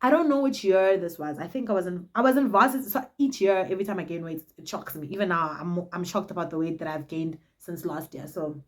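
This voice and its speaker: Animated South African woman telling stories. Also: fairly low pitch, fast, few pauses. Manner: animated, dramatic, cheeky storytelling. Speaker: vlogger. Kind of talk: casual storytime.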